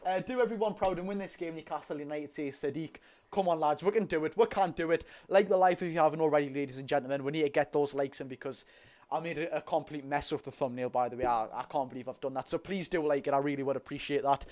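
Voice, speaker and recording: A young man with a Geordie accent doing a live watch-along of a football match, chatty and excitable, talking to his viewers. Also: a little high, fast. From North East England. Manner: excitable, chatty, talks to the chat and the lads. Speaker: football fan streamer.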